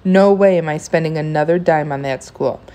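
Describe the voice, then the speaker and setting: A woman's voice: deep voice, normal speed, mellow, close to an everyday voice. A woman reading aloud, voicing a middle-aged father who scolds his son firmly in a raised voice. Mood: stern. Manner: firm, scolding.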